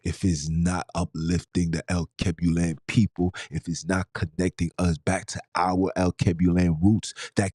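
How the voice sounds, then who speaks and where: A man with a very low, dark voice rants through a fired-up podcast monologue. He fires off rhetorical questions one after another and drops streetwise slang as he preaches, in a dry, close sound. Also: dry recording. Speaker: podcast host. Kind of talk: impassioned monologue.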